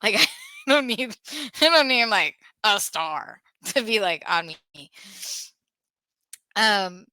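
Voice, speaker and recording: A woman hosts a podcast in earnest, casual talk, often laughing uneasily and starting her sentences over. Her mid-range voice is bright, forward and expressive, slow with frequent pauses. The recording is close and dry, with no room sound.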